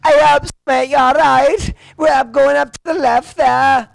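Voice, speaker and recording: A man's voice: extremely high pitch, steady tone, a little slow, vocal fry, voice pushed up, heavily acted, poor audio. A man putting on a cheery, chatty northern English bloke's voice in an interview. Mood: boisterous.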